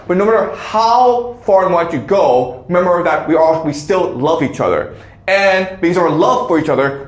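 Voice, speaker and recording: Lecturer, male, higher voice, keeps asking "okay?", recorded in a reverberant room. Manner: checks in with frequent "okay?". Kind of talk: classroom lecture. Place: classroom. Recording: echoey classroom.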